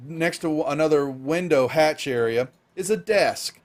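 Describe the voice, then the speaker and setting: A man's voice: a little high, soft background music. A man running a tabletop role-playing game as dungeon master, narrating with many fillers and restarts. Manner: halting, filler-heavy narration.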